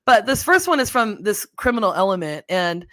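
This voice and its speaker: A woman's voice: mid-range voice, sing-song, moderate pace, fairly bright tone, no room sound. A middle-aged woman hosting a casual livestream, chatty and rambling, laughing often as she fumbles with her settings. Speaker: livestream host.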